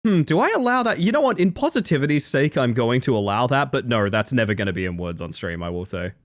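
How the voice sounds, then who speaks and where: A man's voice: medium pitch, big pitch swings, fast. A man from Western Australia chatting casually on a livestream at his desk mic, rambling and laughing often. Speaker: streamer.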